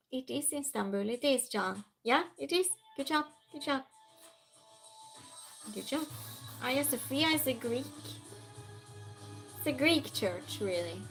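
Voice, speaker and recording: A woman's voice: sits high, animated, slow pace, pauses often, a bit bright, soft background music, poor audio. A woman hosting a trivia game on a live stream, chatting casually and reading out and answering viewers' messages. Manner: chatty, reads chat aloud and answers viewers.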